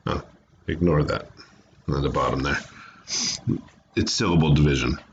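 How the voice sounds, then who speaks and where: Low-voiced man teaching a phonics lesson. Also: lo-fi sound, slight background noise. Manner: patient, sounds words out slowly. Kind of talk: remote phonics lesson for children. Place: home, away from classroom.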